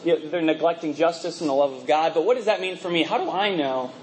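High-voiced man preaching a casual sermon. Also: fast talker, slight background noise, rough recording. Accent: mixed, from working in a multinational office. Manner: conversational, laughing asides, rhetorical questions.

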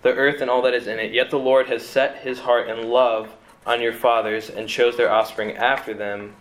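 Young man, twenties, seminary student preaching informally to a youth group; mid-pitched, chatty, lots of restarts, recorded with roomy echo. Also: flat delivery, normal speed. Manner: conversational, frequent "like" and repeated restarts. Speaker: seminary student giving a talk. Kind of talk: casual sermon talk with scripture reading. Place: room with a group of listeners.

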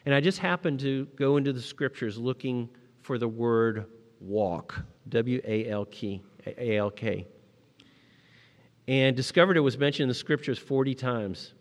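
A middle-aged man delivers a sermon in a big echoing hall, his voice sitting at an ordinary male pitch. He tells stories from his own life, swelling to emphatic peaks and sinking into quiet, tender stretches. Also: measured pace. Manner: storytelling, rising to emphatic peaks and dropping to quiet moments. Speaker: pastor.

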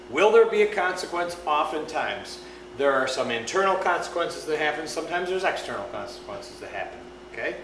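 A man's voice: mid-range voice, a bit bright. A man preaching a conversational sermon, often checking in with his listeners. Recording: echoey room with background noise.

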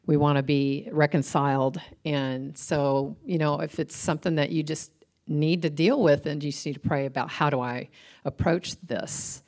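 A middle-aged woman co-hosting a casual faith talk, telling stories with animated laughter. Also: low voice, moderate pace. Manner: laughs often, animated storytelling. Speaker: co-host.

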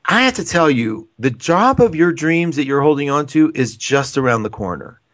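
A man's voice: on the high side, expressive, moderate pace, a bit bright. A man hosting an astrology call-in show, talking in a chatty, affectionate, rambling way. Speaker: radio show host and astrologer. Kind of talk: casual call-in chat.

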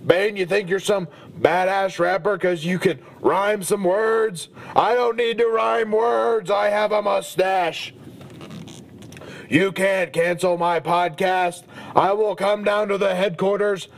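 A man's voice: high voice, fairly even intonation, takes it slowly. A man doing Mike Haggar, crude macho brawler. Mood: furious. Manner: crude, profane macho bluster. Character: gruff macho middle-aged brawler, crude and hot-tempered. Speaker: comedy podcast host in character. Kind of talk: comedic character monologue.

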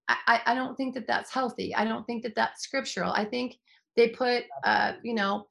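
A woman's voice: on the high side, creaky, a bit bright. A woman hosting a faith-based podcast, speaking earnestly and effusively with frequent restarts. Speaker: host.

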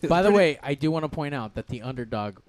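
A man hosting a podcast, teasing his guests with profane, quick jokes. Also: fairly high pitch, animated, crowd noise. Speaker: podcast host. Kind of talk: casual podcast chat.

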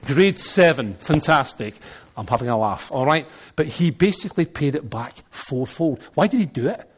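Lively Glaswegian preacher with jokes. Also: male voice, a little high, normal speed, husky. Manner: animated storytelling with jokes and sudden shouts. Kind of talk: sermon.

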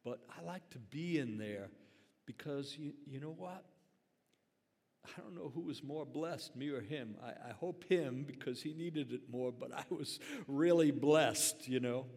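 A man's voice: medium pitch, expressive, a little slow, darkish tone. An older man, a grandfather and pastor, telling a story in a conversational, earnest sermon full of fillers. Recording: long hall reverb.

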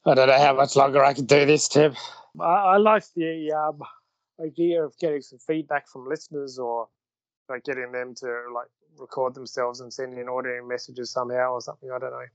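A man with a mid-range voice co-hosts a relaxed podcast about scripture. He is chatty, laughs easily, and often trails off mid-thought. The recording is dry and close, with almost no room sound. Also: medium pitch, fairly quick, dry recording, lo-fi sound. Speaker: podcast co-host. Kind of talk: casual chat about scripture.

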